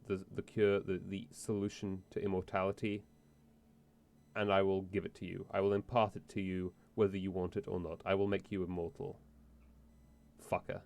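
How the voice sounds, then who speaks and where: A man's voice: low-pitched, little pitch movement, normal speed, darkish tone. Rambling, swearing male streamer. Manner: rambling, profane and self-interrupting. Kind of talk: casual let's-play chat.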